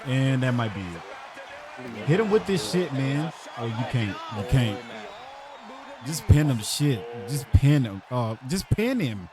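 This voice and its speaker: Loud, excitable young man calling a match. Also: medium pitch, slow pace, crowd noise. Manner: loud, excitable, repeats lines over and over, heckles the players. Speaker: host and commentator of an online wrestling league. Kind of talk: hype play-by-play commentary on a video game match.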